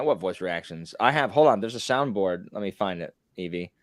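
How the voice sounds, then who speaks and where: A man with a very low voice hosts a casual podcast, rambling and teasing his guests. His voice is close and dry, picked up by a computer mic at home. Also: expressive, a little fast, no echo. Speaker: podcast host. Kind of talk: casual chat. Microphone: computer mic on a voice call.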